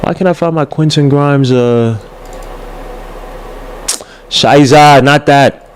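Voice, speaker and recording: A young man with a high-pitched voice hosts a loose livestream podcast. He rants in a heated, exasperated way, piling up slang, repeats and half-finished restarts. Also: takes it slowly, a little hiss or hum. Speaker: podcast host. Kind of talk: casual livestream podcast rant.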